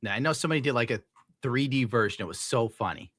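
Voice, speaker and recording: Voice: mid-range voice, expressive, fast, a bit bright, slightly rough. A streamer giving casual, profane, mocking commentary while reacting to clips.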